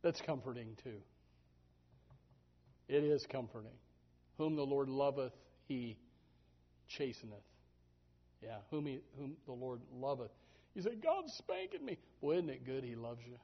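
A man preaching a sermon in a lively, animated manner, often stumbling over repeated words. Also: medium pitch, measured pace, pauses often. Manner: animated, repetitive restarts, voices sheep and God aloud. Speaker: pastor. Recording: dull lo-fi recording.

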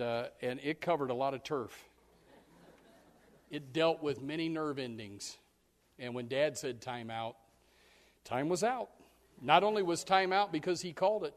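A man preaching a sermon as pastor, folksy and animated, acting out scenes. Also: mid-range voice, in a large hall. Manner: folksy, animated, acts out yelling parents and kids.

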